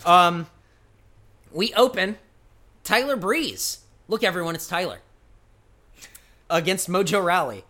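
A man co-hosting a podcast, chatting casually with a lively, bouncing pitch. His voice is bright and forward, and his talk is loose, profane and full of laughs. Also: slow pace, long pauses. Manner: profane, rambling, laughs often. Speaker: podcast co-host.

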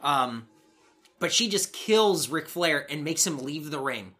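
A man's voice: fairly high pitch, slow pace. A man co-hosting a podcast, casually recapping wrestling shows with swearing and playful acted-out quotes. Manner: animated, swearing, acts out quoted lines. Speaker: podcast co-host.

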